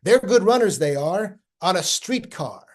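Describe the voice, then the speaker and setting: An old-fashioned baseball club owner from the 1890s scolds his players in a raised, pinched voice, as a male presenter puts him on. The voice sits high and sounds thin and oddly hollow. His delivery is scornful and old-timey. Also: very animated, measured pace, heavily acted.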